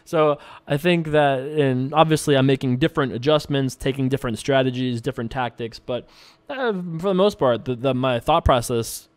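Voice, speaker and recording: Man, casual rambling commentary, smooth clear voice, dry close sound, mid pitch. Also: moderate pace, no echo. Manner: rambling and relaxed, with frequent filler words and restarts. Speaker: poker player and show host. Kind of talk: casual commentary over live online play.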